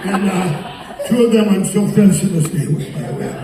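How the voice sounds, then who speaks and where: A high-pitched man with a dark, mellow tone tells stories to a crowd. He rambles, doubles back on his words, and acts out what others said. His voice carries from a distance through a very echoey hall. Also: steady tone, fast talker, slight background noise. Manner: rambling, quotes people, repeats words. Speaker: public speaker. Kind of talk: storytelling speech to an audience. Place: arts center hall.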